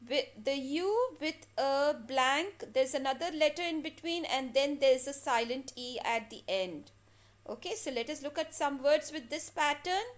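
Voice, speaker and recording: A woman teaching a phonics lesson to children, stretching and repeating each word slowly for practice. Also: high-pitched. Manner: slow, drawn-out words repeated for practice.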